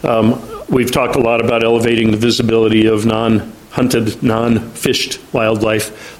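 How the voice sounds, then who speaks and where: Guy giving an update at a work meeting, lots of ums and restarts, mid-pitched. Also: poor audio. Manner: halting, frequent ums and restarts. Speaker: agency outreach staff presenting at a meeting. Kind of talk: meeting briefing.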